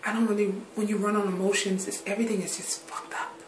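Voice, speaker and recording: An adult woman vlogs candidly to her viewers, her medium-pitched voice level in tone and quick in pace. She drifts from subject to subject and swears casually, in a roomy, echoey recording with slight background noise.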